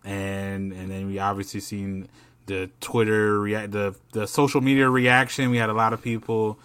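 A male podcast co-host talking in loose, profane, slangy casual chat. His voice sits a little low and gets animated when he reacts. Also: moderate pace, clean tone.

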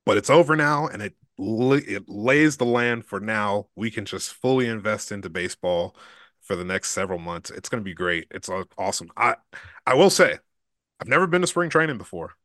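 A man hosts a casual sports podcast, his low voice swinging lively up and down. He talks a lot and restarts his sentences often. The sound is dry and close on a studio mic. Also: no room sound. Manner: talkative, with many restarts and laughs. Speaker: podcast producer filling in as host.

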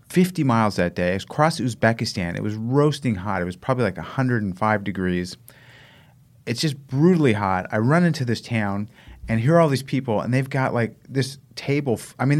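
An American man, a guest runner, telling stories in a casual interview, animated and laughing, acting out the voices of people in his stories. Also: mid-range voice. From United States. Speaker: guest, long-distance runner.

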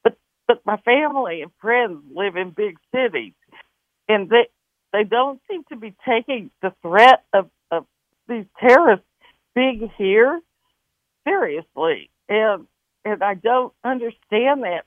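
A woman's voice: fairly high pitch, very animated, slow pace, no room sound. A woman from northwestern Wisconsin calling into a radio show, chatty and emphatic, rambling a little with fillers. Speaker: caller. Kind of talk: call-in chat. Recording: tinny phone line.

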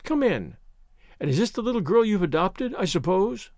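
A man's voice: high voice, very animated, moderate pace, darkish tone, no room sound, studio quality. A man doing a strict, cordial mother. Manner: cordial but firm. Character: strict, resolute mother, middle-aged. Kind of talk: audiobook character reading.

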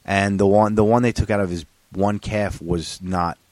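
A man's voice: fairly low pitch, fairly even intonation, moderate pace, darkish tone, no room sound. A man co-hosting a casual podcast, telling a family story with lots of profanity and acted-out quotes. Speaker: podcast co-host.

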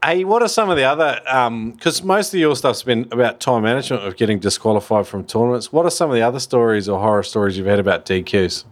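A man's voice: medium pitch, quick pace, hardly any pauses. A man hosting a podcast, chatting in an easygoing way and asking his guest questions. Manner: easygoing, hesitant with fillers. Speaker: podcast host. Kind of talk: casual interview chat.

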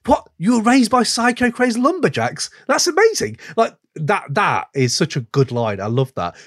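An excitable man talks through a casual podcast chat, his slightly raised voice leaping up and down as he gets carried away. He swears freely and sounds thoroughly enthusiastic. The sound is dry and close to the mic. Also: sits high, moderate pace, no room sound. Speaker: podcast host.

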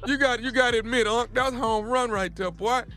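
A man's voice: very high voice, brisk, pushed and bright. A man in a radio studio bantering and joking, playfully fumbling his words for laughs. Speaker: radio comedian. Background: music.

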